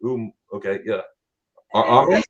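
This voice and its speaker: A man's voice: fairly low pitch, very animated, moderate pace, fairly bright tone, lo-fi sound. A man hosting a casual live-stream chat, stammering over his words, repeating himself and laughing often. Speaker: channel host.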